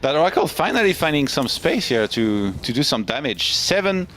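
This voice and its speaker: A man's voice: fairly high pitch, sing-song, normal speed, a bit bright, slight background noise. A man casting a live esports match, giving analytical play-by-play with dry jokes. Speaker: esports caster.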